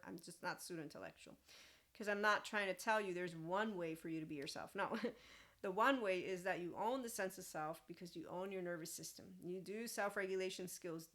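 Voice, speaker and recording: A woman's voice: on the low side, a bit bright. A woman hosting a casual spiritual self-help monologue, rambling and laughing often as she mimics other voices in quotes. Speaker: host.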